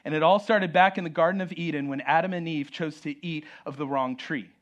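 A man delivers a sermon in a high, light voice. He talks animatedly, drops in joking asides and slips into acted-out voices when he quotes people. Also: fairly quick, a bit bright, lo-fi sound. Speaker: pastor.

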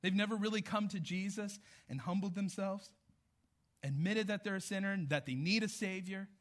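A man's voice: high-pitched, moderate pace. A man preaching a sermon as pastor, in a conversational storytelling manner. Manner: conversational storytelling, animated retelling.

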